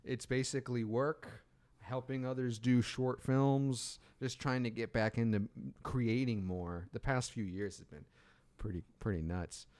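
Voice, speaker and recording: A young adult man hosting a casual chat, relaxed and giving brief replies. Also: medium pitch, measured pace. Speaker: host.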